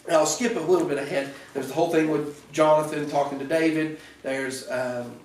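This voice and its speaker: A pastor with a Southern American accent preaching a conversational evening sermon, retelling scripture stories with little voices and many restarts. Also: male voice, a little high, steady tone, brisk, darkish tone, slight background noise. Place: church sanctuary. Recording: echoey church from far off.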